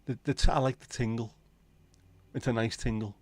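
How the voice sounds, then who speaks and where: A man's voice: medium pitch, steady tone, moderate pace, a little mellow. A man hosting a casual livestream, rambling and joking with viewers and swearing casually. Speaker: livestream host. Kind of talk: casual chat reading viewer comments.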